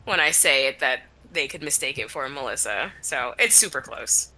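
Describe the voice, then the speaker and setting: Woman, lively casual talker, very bright tone. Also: a bass voice, moderate pace, slight background noise, poor audio. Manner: animated, laughs often, acts out quotes. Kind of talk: casual chat.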